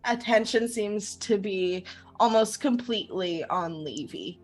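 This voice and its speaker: A woman's voice: mid-range voice, measured pace, soft background music. A woman narrating a tabletop game as game master, with many hesitations and ums.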